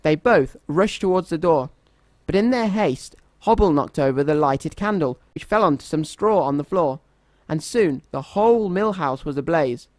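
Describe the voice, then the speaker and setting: Guy reading kids story, gentle and expressive, slightly high voice, dry. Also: moderate pace, few pauses, no echo.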